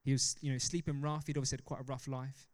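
A young man delivers a sermon in a large church hall, his smooth, clear voice trailing into a long reverb. He talks in an animated way and breaks off for self-mocking laughs. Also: mid-range voice, fast. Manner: animated, laughs often, self-deprecating asides. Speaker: preacher.

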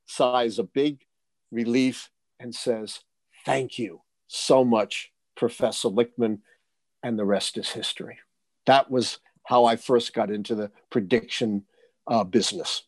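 Older man, seasoned forecaster, punchy anecdotal delivery, mid pitch, close dry mic. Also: normal speed, dry recording. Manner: lively storyteller, punchy asides. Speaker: guest, election forecaster. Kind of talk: storytelling interview answers.

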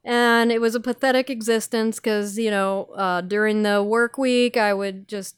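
A woman's voice: mid-range voice, steady tone, normal speed, clear, resonant tone, no room sound, clean studio sound. A woman guesting on a podcast, telling her own story in a chatty, self-mocking way with lots of fillers. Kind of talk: candid recovery podcast talk.

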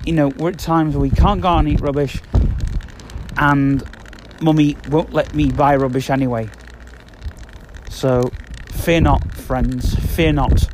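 A man in his thirties talks in a loose, meandering way, circling back and repeating himself. His voice sits a little high for a man. A faint hiss of traffic runs underneath. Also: fairly even intonation, unhurried. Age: 30s. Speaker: podcast host. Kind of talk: rambling casual monologue. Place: outdoors walking around the block.

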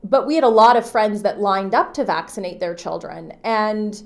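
A woman in her thirties hosting a podcast, talking earnestly and from the heart about a personal experience, often pausing on "you know" and restarting her sentences. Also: medium pitch, creaky. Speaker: podcast host. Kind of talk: personal reflective monologue.

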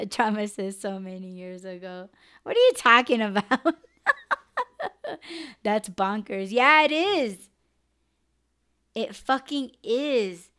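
A woman's voice: medium pitch, slow pace, long pauses, clean tone. A young woman hosting a live podcast, venting bluntly and with lots of swearing. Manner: blunt, profane, animated venting. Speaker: podcast host. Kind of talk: casual live podcast rant.

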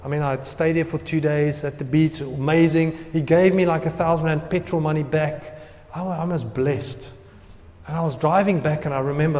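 A young man preaching, telling a personal story in an animated way and acting out his own prayers. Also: on the high side, moderate pace, big-room sound. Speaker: pastor.

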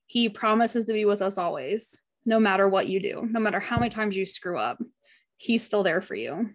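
A woman's voice: mid-range voice, lively intonation, normal speed. A woman leading a casual Bible study, reading passages aloud and talking about them in an earnest, heartfelt way. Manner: earnest and heartfelt, chatty with frequent "like".

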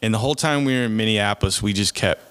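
A man's voice: on the low side, quick pace, fairly bright tone, smooth. A young man co-hosting a podcast, chatting casually, laughing often and swearing freely. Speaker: podcast co-host. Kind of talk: casual chat.

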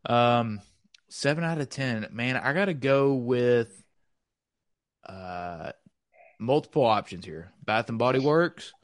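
A man's voice: medium pitch, lively intonation, slow pace, pauses often, no room sound, clean studio sound. Rambling man hosting over a video call. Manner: rambling, hesitant, many fillers. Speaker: host. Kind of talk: casual chat. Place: home.

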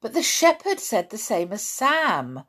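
A woman's voice: wildly swooping pitch, unhurried, a bit bright, slightly rough, exaggerated voice. Woman doing an eager adventure-hungry boy. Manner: eager, breathless, pitched up.

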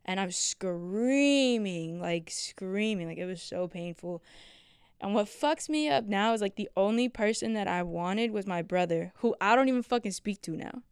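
A young woman recounting a painful family memory in loose, profane, conversational speech. Her voice is exceptionally clear and smooth, and the sound is dry and close with no room around it. She tells it in casual chat. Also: medium pitch, animated, no echo. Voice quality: emotional, profane, quick storytelling.

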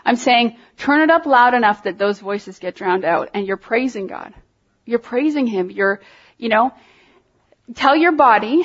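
Animated woman preaching, lo-fi sound. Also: a little high, moderate pace, breathy edge. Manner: animated, conversational, emphatic, many fillers. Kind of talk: informal sermon.

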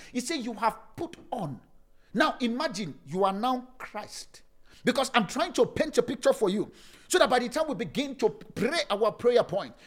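A man preaching as pastor, emphatic, with sing-song phrasing, at times dropping into slow, hushed lines. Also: sits high. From Africa. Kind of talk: sermon.

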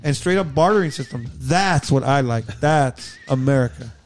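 A man's voice: mid-range voice, lively intonation, moderate pace, faint music behind. A middle-aged man chatting casually as a podcast co-host, telling rambling stories with many restarts. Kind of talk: casual chat.

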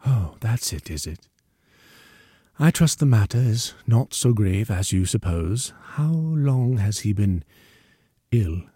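A man doing a slow, smug, menacing scientist. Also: fairly low pitch, animated, warm tone, husky, dry recording, clean studio sound, full character voice. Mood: deliberate. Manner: slow, deliberate, pleasant on the surface. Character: smooth, self-satisfied man scientist, quietly menacing.

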